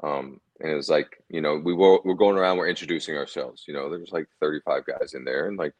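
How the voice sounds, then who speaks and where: A man, a former ballplayer, telling relaxed anecdotes as a guest in a casual interview, often chuckling. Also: extremely low pitch, fast talker. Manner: laid-back, chuckling anecdotes.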